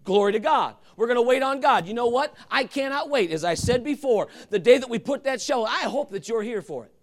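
A male pastor preaching a sermon, swinging from loud calls to hushed, intimate asides. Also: extremely high pitch, expressive, brisk.

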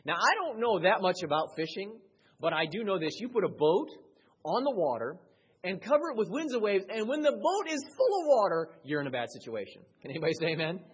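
Male pastor mid-sermon; husky, rises to loud high peaks and drops low and quiet. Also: very animated, fairly quick, muffled recording.

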